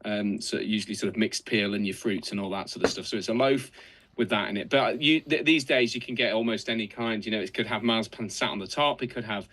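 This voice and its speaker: A man co-hosting a casual live stream, explaining things in halting, hedged bursts. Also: on the low side, fairly even intonation, a bit bright, slight background noise. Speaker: co-host.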